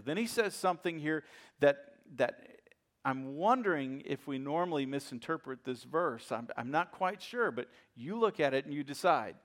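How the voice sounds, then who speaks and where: A male pastor preaching a sermon in a church, swinging from loud emphasis to hushed asides and repeating phrases for weight. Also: fairly high pitch, animated, normal speed.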